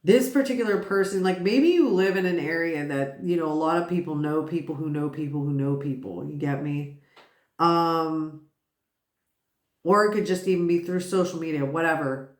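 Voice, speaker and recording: A woman's voice: low-pitched, normal speed, reverberant. A woman giving a casual tarot reading, rambling and swearing, who keeps bursting out laughing. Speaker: tarot reader.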